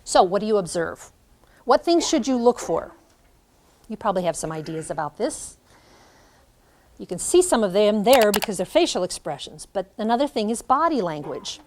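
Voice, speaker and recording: A middle-aged woman giving a classroom lecture to student teachers, animated, acting out examples as she speaks. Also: medium pitch, moderate pace, a little hiss or hum. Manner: animated, demonstrates by acting out lines. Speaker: teacher educator.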